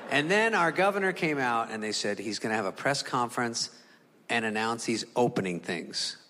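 A man's voice: mid-range voice, lively intonation, moderate pace, sharp tone. A man from California doing a stand-up comedy set, exasperated and profane. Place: comedy stage before an audience. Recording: reverberant hall with laughing crowd.

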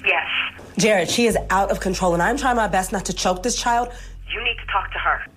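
A woman's voice: medium pitch, fairly quick, a bit bright, poor audio. An actress playing a mother at her wit's end, demanding help with an unruly daughter. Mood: exasperated. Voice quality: husky and exasperated.

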